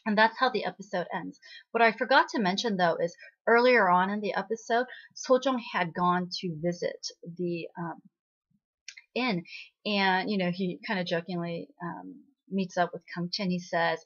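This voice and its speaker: A woman's voice: on the low side, normal speed, a bit bright. A woman casually recapping a television drama episode in a chatty way, full of "you know" and "right?" fillers. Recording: slightly dull lo-fi audio.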